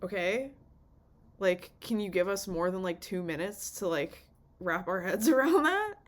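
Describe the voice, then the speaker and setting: A young woman giving an off-the-cuff review in a rambling, swearing, animated way, acting out the characters' lines. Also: mid-range voice, measured pace. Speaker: vlogger reviewing a TV series.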